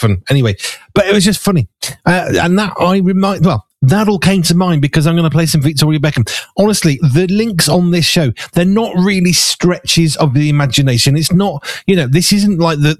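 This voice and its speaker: Man, Black Country accent, radio host, rambling and self-mocking, slightly high-pitched, dry sound. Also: a little fast, dry recording. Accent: Black Country English. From Black Country, England. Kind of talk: chatty radio talk between songs.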